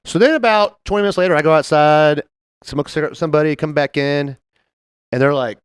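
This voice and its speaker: A man co-hosting a podcast, telling a story in casual chat, animated and laughing often as he acts out the people in it. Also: on the high side, fast, clean tone, no echo, studio quality. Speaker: podcast co-host.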